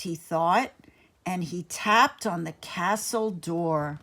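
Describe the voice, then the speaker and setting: A woman reading a bedtime story aloud in an expressive, dramatic way. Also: fairly low pitch, slow pace.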